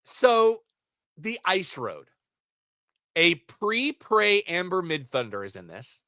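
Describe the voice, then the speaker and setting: On a casual podcast, a male co-host rambles animatedly through movie plots, his pitch swinging widely. He takes his time. The recording is dry and close, with no room sound or echo.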